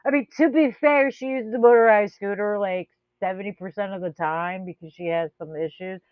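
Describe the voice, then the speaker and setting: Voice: mid-range voice, fairly even intonation, moderate pace, clean tone, dry recording. A co-host in a casual talk show chat who speaks bluntly, jokes around and swears. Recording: dry, dull lo-fi sound.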